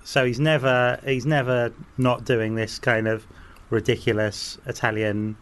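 Wry, relaxed man. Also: mid-range voice, unhurried, clean tone. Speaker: podcast co-host. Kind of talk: casual chat.

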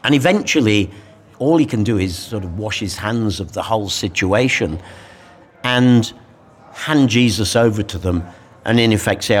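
Guy explaining a bible scene in a relaxed chat, reflective, animated. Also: lowish voice, normal speed, slight background noise. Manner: reflective, animated, acts out quoted lines. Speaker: guest speaker explaining a Bible passage. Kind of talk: conversational Bible discussion.

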